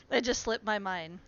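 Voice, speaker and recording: A woman's voice: medium pitch, sharp tone, clean tone. A woman chatting casually on a live stream, talking to her plants and to her viewers at home. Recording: muffled lo-fi stream audio with faint noise.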